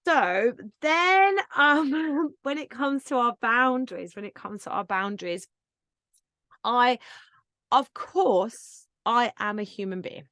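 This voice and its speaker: A woman's voice: on the high side, slow, bright, forceful tone, no room sound, studio quality. A woman hosting her own podcast, talking casually and earnestly as she coaches listeners with encouragement and plenty of fillers. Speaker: podcast host and yoga business coach. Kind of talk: casual solo podcast talk.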